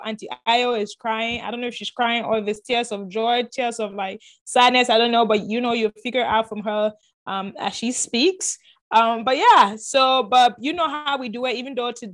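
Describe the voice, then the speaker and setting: A woman's voice: a little high, a bit bright. A woman hosting a casual podcast, upbeat and chatty, repeating words and talking straight to her listeners. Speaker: podcast host.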